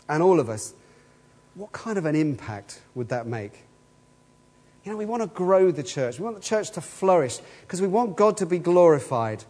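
A man's voice: a little high, big pitch swings, normal speed, dark tone, breathy edge. A man preaching a sermon in an earnest way, asking the same questions again and again. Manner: earnest, repeats rhetorical questions. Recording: long hall reverb.

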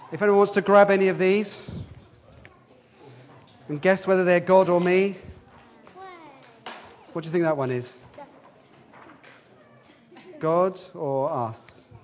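A man giving a lively, interactive children's talk in a church service, quizzing the children as he goes. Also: high-pitched. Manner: lively, questioning the children, quick asides.

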